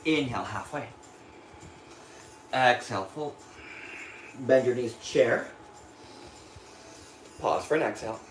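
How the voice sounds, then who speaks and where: A man's voice: medium pitch, slow pace, pauses often, echoey room, a little hiss or hum, rough recording. A man leading a yoga class, calling out breaths and poses while doing them himself, a little short of breath, with an American accent. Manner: calm cueing of breath and poses, breathy while moving through the flow. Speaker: yoga instructor. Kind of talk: guided yoga class cues. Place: yoga studio.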